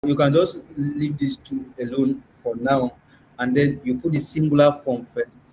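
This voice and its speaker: A man's voice: mid-range voice, fairly even intonation, normal speed, a little mellow, slight background noise, poor audio. A man with a Nigerian accent teaching an in-person workshop, patiently quizzing the class and repeating sounds aloud. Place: classroom or meeting room.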